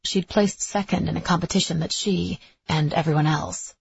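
A woman narrating a novel in a steady, even-toned storytelling manner, with a husky voice. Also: fairly low pitch, normal speed, dry recording. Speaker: audiobook narrator. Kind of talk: scripted narration. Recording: dry, slightly dull lo-fi recording.

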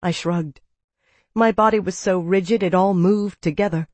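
Low-voiced woman narrating a novel. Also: fairly even intonation, moderate pace, darkish tone, no echo. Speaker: audiobook narrator. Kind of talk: scripted narration.

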